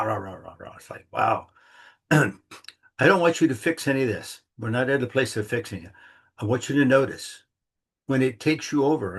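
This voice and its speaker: A middle-aged man giving a casual, rambling monthly talk, acting out little inner dialogues in a folksy way. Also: mid-range voice. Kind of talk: casual reflective monologue.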